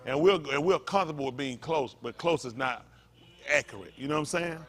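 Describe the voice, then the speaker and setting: A pastor, preaching a sermon in a repetitive, emphatic manner that rises to loud peaks. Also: male voice, fairly high pitch, a little fast.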